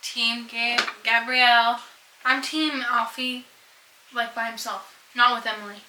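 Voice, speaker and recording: A woman's voice: on the high side, fairly even intonation, unhurried, reverberant, background noise. A young woman book vlogger in casual chat, making blunt, joking asides.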